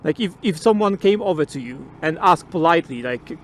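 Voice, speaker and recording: A man with a fairly high voice talks to the camera from a motorbike outdoors. He rambles through his opinions in a loose, casual way. He swears freely and laughs often as he goes. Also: fairly quick, slight background noise. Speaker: motovlogger.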